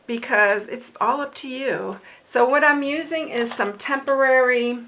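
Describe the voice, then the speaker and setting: A middle-aged woman walks viewers through a craft project, gushing over every detail. Her voice is fairly high, with a bright, forward tone and a gravelly fry running through it. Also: a little slow. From Texas. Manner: gushing, enthusiastic, chatty. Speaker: card-making demonstrator. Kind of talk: casual craft tutorial.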